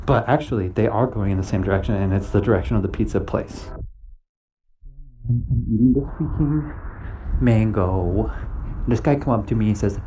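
A man's voice: on the low side, moderate pace, pauses often, mellow, a little hiss or hum. A man hosting a podcast, rambling through a comedic monologue with goofy laughs and playful sound effects while walking outdoors. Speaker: podcast host.

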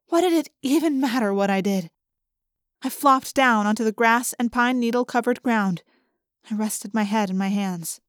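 A woman working as an audiobook narrator reads a first-person storybook aloud, voicing its emotional dialogue expressively. Her voice is a little high and her speed normal. The recording is dry and studio quality.

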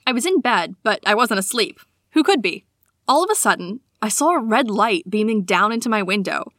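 A woman co-hosting a casual podcast, reading listener stories aloud with a giggly, animated manner. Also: medium pitch, a little fast, dry recording, studio quality. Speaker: podcast co-host.

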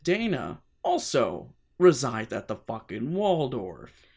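Animated, swearing male podcast co-host. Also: medium pitch, slow pace, creaky, slightly rough. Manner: animated, swears freely, jokey. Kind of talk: casual chat and reading a book aloud.

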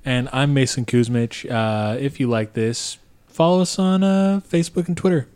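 A man co-hosting a casual movie podcast, dropping dry, quick asides. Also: medium pitch, a little mellow, clean tone. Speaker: podcast co-host.

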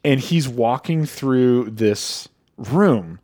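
A man on a casual podcast reacting quickly and telling an animated anecdote. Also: mid-range voice. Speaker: podcast co-host. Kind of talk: casual chat.

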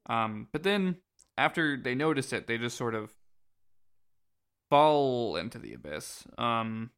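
A man's voice: medium pitch, lively intonation, takes it slowly, a bit bright, clear, resonant tone. Laid-back man recapping a game casually. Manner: laid-back, crude jokes, lots of ums. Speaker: podcast co-host.

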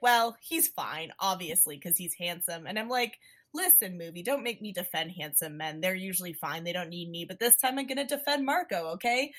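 A woman recapping a movie in casual chat, animated and swearing often, acting out the characters' lines as she goes. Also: medium pitch.

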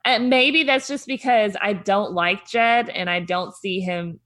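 A woman co-hosting a relaxed podcast chat, agreeable and thinking aloud with easy restarts. Her pitch sits in an ordinary middle range. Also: unhurried. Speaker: podcast co-host. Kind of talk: casual chat recapping reality TV.

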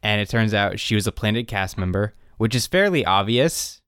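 With a somewhat low voice at a moderate pace, a young man recaps a TV show while co-hosting a casual podcast. The studio sound is clean with no echo. His retelling is lively, and he quotes characters loudly as he goes.

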